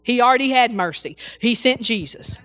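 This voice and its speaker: A woman's voice: a little high, expressive, moderate pace, a bit bright, no room sound. A woman preaching an informal sermon, exclaiming hallelujah often and restarting her sentences.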